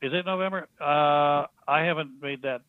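A man's voice: fairly high pitch, normal speed, smooth, dry recording. Man telling a story over a tinny phone line. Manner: rambling storyteller who acts out quoted speech. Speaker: guest.

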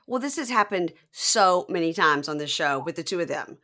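A woman podcast host casually recapping a reality show, telling it in an animated way and slipping into impressions. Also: lowish voice, moderate pace. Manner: animated storyteller who slips into impressions.

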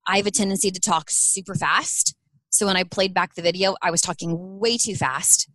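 A woman's voice: on the low side, normal speed, fairly bright tone, dry recording. A middle-aged woman who runs a small clothing business, answering interview questions earnestly and acting out quoted dialogue.

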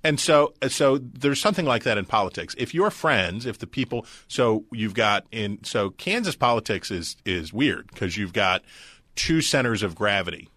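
Man, podcast co-host, casual folksy chat, low pitch, dry close mic. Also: expressive, normal speed, a bit bright, no room sound. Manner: rambling, folksy analogies, wry.

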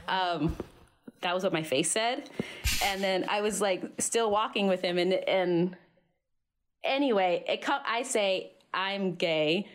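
A woman in her thirties from Philadelphia, telling a personal story in casual chat and acting out the quotes. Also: moderate pace. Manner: animated, acts out quotes with big pitch jumps. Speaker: podcast guest.

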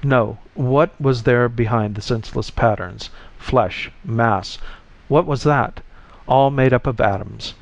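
Slow gravelly male narrator. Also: mid-range voice. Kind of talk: audiobook story reading. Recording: slightly muffled lo-fi recording.

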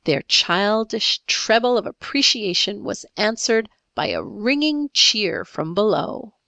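A woman narrating a classic story in a measured, expressive reading. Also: medium pitch, gravelly, no echo.

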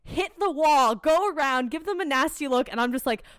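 A woman's voice: sits high, expressive, moderate pace, no room sound, clean studio sound. A young American woman, co-hosting a podcast, tells a heated, profane story in casual chat. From United States. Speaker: podcast co-host.

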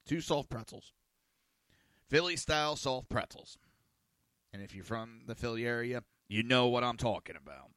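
A man's voice: medium pitch, animated, moderate pace, long pauses, a bit bright, dry recording. A man hosting a small radio and online show, talking in a casual rambling monologue, often repeating words and cursing casually.

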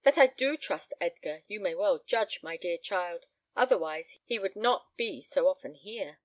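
A woman's voice: mid-range voice, animated, measured pace, dry recording, lightly acted. A woman voicing a grave, anxious elderly father, speaking solemnly and earnestly.

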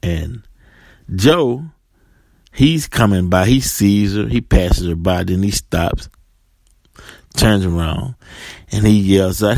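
In a low, gravelly, darkish voice with slow delivery and long pauses, a man chats to camera without any echo. His casual storytelling monologue acts out scenes in different voices, leans on rhetorical "right?", and includes some fillers and repeated words.

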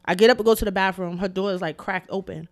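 A young adult woman telling a story in a casual podcast chat, animated, emphatic and full of profanity. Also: mid-range voice, fast. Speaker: podcast co-host.

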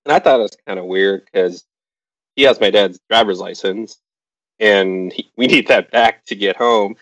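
A man's voice: lowish voice, moderate pace, no echo. A middle-aged man telling a personal anecdote to an audience, acting out the voices of the people in it. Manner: lively, acts out other people's lines. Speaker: storyteller. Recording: dull lo-fi recording.

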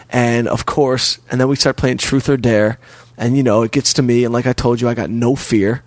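A man's voice: mid-range voice, fairly even intonation, fairly quick, creaky, hardly any pauses, no room sound. Streetwise guy telling a wild story, cussing a lot, dead dry sound. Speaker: comedian guest. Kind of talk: casual podcast chat.

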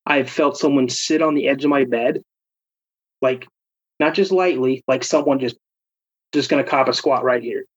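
A man's voice: medium pitch, moderate pace, pauses often, slightly rough. A young man telling a personal ghost story in a casual way, acting out his friends' voices. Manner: animated, acts out quoted friends. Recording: dull lo-fi recording.

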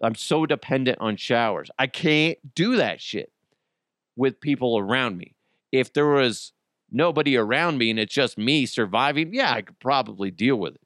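A man's voice: medium pitch, animated, moderate pace, fairly bright tone, dry recording, clean studio sound. A man hosting a casual comedy podcast, mocking news stories with crude jokes and frequent laughter. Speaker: podcast host.

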